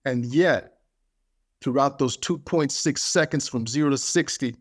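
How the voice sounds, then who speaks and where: A man's voice: mid-range voice, unhurried. A man giving a motivational podcast talk, speaking emphatically and driving his points home through repetition.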